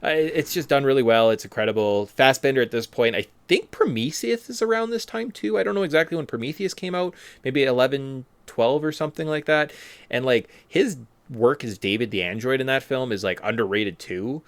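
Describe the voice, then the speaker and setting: A man hosting a podcast in casual chat, animated and joking. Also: mid-range voice, a little fast, clear, resonant tone, no room sound. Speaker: podcast host.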